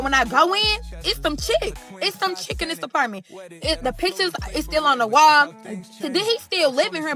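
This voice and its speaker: A woman's voice: on the high side, a bit bright. Chatty St. woman telling a story. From St. Louis, USA. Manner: chatty, profane, keeps addressing the audience as y'all. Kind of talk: casual storytime monologue.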